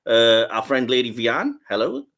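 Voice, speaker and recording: A man's voice: mid-range voice, big pitch swings, normal speed, a bit bright. A male podcast host talking in a loose, casual way, full of "uh"s and restarts. He chuckles between remarks as he runs the show. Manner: rambling, many filler words and restarts.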